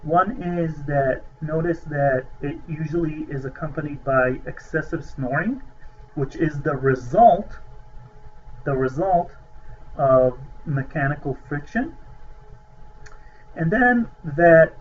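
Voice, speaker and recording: Male lecturer, slightly high voice, halting delivery full of "uh"s, stresses key terms, dull lo-fi recording with faint hiss. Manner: hesitant, many filler sounds, emphasizes key terms. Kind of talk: recorded lecture over slides.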